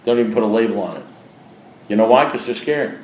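A man's voice: on the low side, animated, fast, darkish tone, a little hiss or hum. Blunt man telling his story, echoey room. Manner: blunt, conversational, acts out voices in his story. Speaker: speaker sharing a recovery story. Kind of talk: candid personal talk to an audience.

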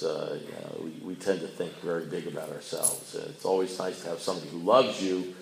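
Older man, deep voice, rambling blunt storyteller, recovery meeting talk, echoey room with faint ambience. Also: gravelly, a little hiss or hum. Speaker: AA speaker.

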